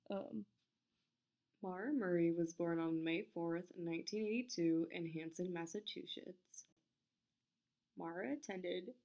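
A woman's voice: on the low side, creaky, a little mellow. A woman hosting a casual podcast, stumbling over her words, correcting herself and apologizing into a desk microphone. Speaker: podcast host. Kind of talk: casual podcast narration with outtakes.

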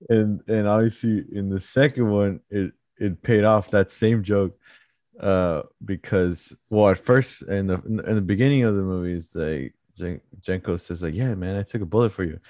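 A young man chatting casually about movies, laughing often and retelling scenes quickly. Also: lowish voice, a little mellow, dry recording, clean studio sound.

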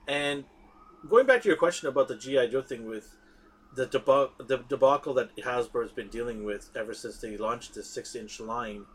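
A man with a husky, slightly rough voice talks in a casual podcast chat. He is emphatic and keeps restarting his sentences, doubling words as he goes. His pitch sits in an ordinary middle range. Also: fairly bright tone. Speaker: podcast co-host.

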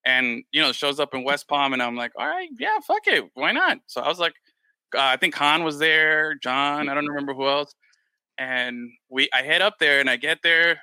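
A man hosting a casual chat, telling stories in an animated way, acting out the voices of others and swearing freely. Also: a little high, normal speed, clear, resonant tone, no echo. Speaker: podcast host.

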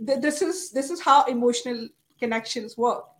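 A woman talks in an online audio event, halting and searching for words, with many fillers and restarts along the way. Her voice sits somewhat higher than most women's. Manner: halting, warm-hearted, full of fillers. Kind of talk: casual conversation.

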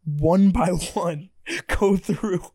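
A young man hosting a casual podcast chat, an animated storyteller who swears freely and acts out what others said. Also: high voice, very slow, no echo, studio quality. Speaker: podcast host.

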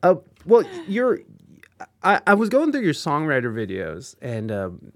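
Host, casual chat, teasing, emphatic, very lively pitch, mid voice. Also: a little slow, no room sound, clean studio sound. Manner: animated, teasing, emphatic rants.

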